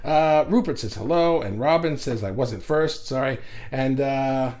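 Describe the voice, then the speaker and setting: A man hosting a casual livestream, talking loudly and with energy about acceptance and greeting viewers by reading their comments aloud, speaking into a desk mic set well back from him. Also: mid-range voice, measured pace. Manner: loud, animated, reads viewer comments aloud. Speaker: livestream host. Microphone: desk mic kept at a distance without pop shield.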